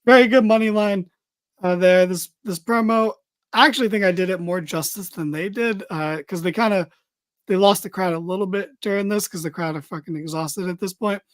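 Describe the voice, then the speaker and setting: A man's voice: high voice, brisk, no echo. A man hosting a casual wrestling podcast, recapping a show in a loose, chatty way with lots of fillers and the odd swear.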